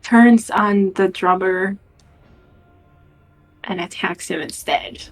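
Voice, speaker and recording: A woman's voice: mid-range voice, slow, faint music behind, rough recording. A young woman playing a tabletop game, tentative, with giggly asides. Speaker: player. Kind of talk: casual tabletop play.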